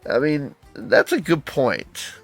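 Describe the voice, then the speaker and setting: A man's voice: a little high, very animated, takes it slowly, fairly bright tone, faint music behind. A man casually reviewing an old comic book, reading panels aloud and adding wry comments.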